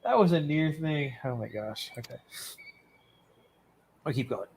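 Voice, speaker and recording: A woman's voice: low voice, animated, unhurried, darkish tone, slight background noise. A woman hosting a casual game playthrough, giggly, self-mocking and chatty. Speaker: host. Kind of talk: casual let's play commentary.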